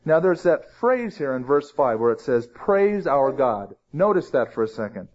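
A man's voice: a little high, very animated, moderate pace, a little mellow. A man teaching through a Bible passage in a conversational way, stressing key phrases with rising emphasis. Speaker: pastor. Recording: dull lo-fi sermon recording.

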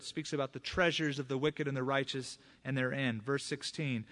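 Middle-aged male pastor, emphatic sermon delivery, ordinary pitch. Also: steady tone, moderate pace, a bit bright. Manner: emphatic preaching with sudden rises.

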